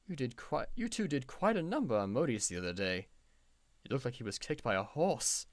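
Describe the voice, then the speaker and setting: A dry, teasing male court mage speaks in a put-on British accent, played by the game master. The voice moves lively up and down, recorded close and dead dry. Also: medium pitch, a little fast, dry recording, lightly acted.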